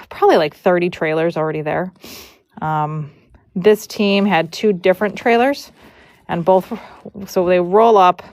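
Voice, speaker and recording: A woman's voice: fairly low pitch, dry recording. A woman from Michigan, a horse braider, chatting and telling a story casually on a livestream, retelling conversations with animation.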